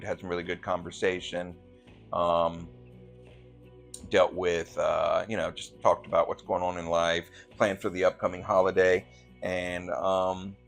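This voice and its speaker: A man's voice: low voice, vocal fry, fairly bright tone. A man chatting casually about his week, rambling with many ums and you-knows. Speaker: gaming channel host. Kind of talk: casual chat. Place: lives in Virginia.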